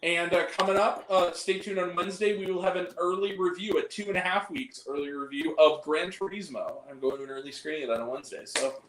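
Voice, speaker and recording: A man's voice: high-pitched, fast, hardly any pauses, a crowd in the background. A man chatting as a guest on a casual stream, telling stories animatedly and laughing often. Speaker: guest on a film talk stream. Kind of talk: casual chat. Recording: echoey room with faint noise.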